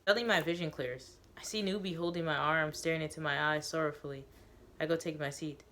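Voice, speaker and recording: A woman reading her own novel aloud in a steady storytelling voice, pausing to recap the story in casual asides. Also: low voice, a little hiss or hum.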